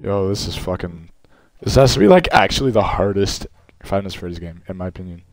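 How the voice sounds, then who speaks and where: A young man streaming a horror game, swearing and screaming in panic as he goes hoarse from yelling. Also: low-pitched, animated, a little fast, faint music behind. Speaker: gaming streamer. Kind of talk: horror game playthrough commentary.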